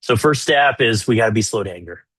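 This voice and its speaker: A man's voice: fairly low pitch, lively intonation, fast talker, fairly bright tone, husky, dry recording. A man coaching on marriage in a webinar, talking conversationally and often checking in with "right?". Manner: acts out example dialogues. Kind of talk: webinar teaching.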